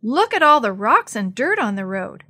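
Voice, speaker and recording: Storybook: eager boy, curious and nervous, high and bright woman reading. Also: moderate pace. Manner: eager, shouting when excited.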